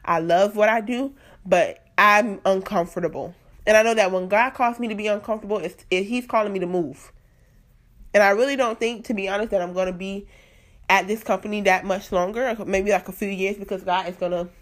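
A young woman from Florida hosting a podcast, telling a faith story in casual chat and jumping high in pitch when she quotes herself. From Florida, USA. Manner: animated storytelling, voices quotes with big pitch jumps. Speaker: podcast host.

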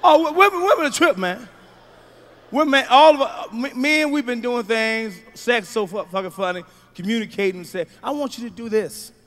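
A middle-aged man doing a stand-up comedy routine, telling profane stories that swing from low mutters to loud shouts. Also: moderate pace. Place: large comedy venue stage. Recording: live show, faint crowd ambience.

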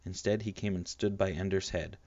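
A man narrating an audiobook in a steady, measured reading. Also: sits low, dry recording, highs cut off.

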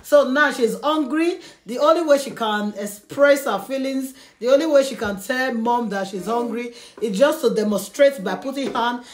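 A woman hosting a casual home vlog, laughing often as she talks slowly to the camera and her baby. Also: a little high, roomy sound. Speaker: vlogger.

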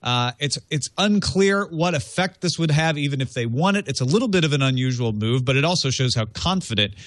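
A man's voice: a little high, lively intonation, brisk, a bit bright, no room sound. A man hosting a casual tech news podcast, reading out items and then talking them over loosely. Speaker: podcast host.

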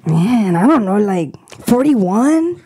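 A woman's voice: medium pitch, sing-song, slow, crowd noise. A woman voicing a blunt, cocky teenage boy who drawls his words. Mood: casual.

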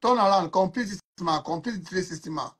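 A woman's voice: on the low side, fast, slightly rough. Blunt, bossy Nigerian woman host. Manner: blunt and bossy, fires off questions. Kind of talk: live matchmaking call-in show.

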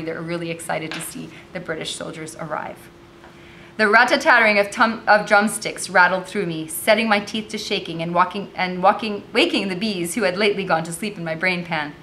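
A woman's voice: on the low side, bright, forceful tone, a little hiss or hum. A woman teacher reading a novel aloud with commentary, raising her voice expressively for the dialogue.

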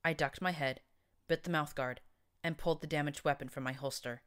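A woman narrates first-person fan fiction as an audiobook. Her voice sits low, and her reading is expressive and dramatic. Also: brisk, clear, resonant tone.

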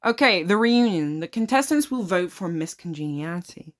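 A woman's voice: on the low side, expressive, normal speed. A woman playing a simulator game, reading on-screen text aloud and reacting with frequent swearing in casual commentary. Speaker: gaming video creator. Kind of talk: casual let's-play commentary.

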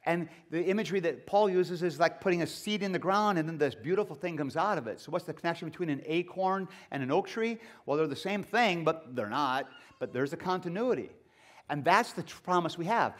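An enthusiastic male professor lectures to a live audience. His voice sits a little high and swoops about with energy. He breaks off often for friendly, chatty asides to the room. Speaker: seminary professor speaking at a gathering.

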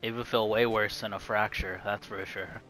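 A man's voice: on the low side, fairly even intonation, moderate pace, bright, forceful tone, soft background music. A young man in casual chat over a game, laughing easily and explaining how the game works. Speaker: gamer.

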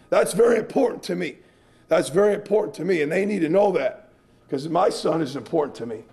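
A man's voice: on the high side, lively intonation, fairly quick, vocal fry, a little mellow. A man, a strength coach, giving a clinic presentation in an earnest, emphatic, repetitive way.

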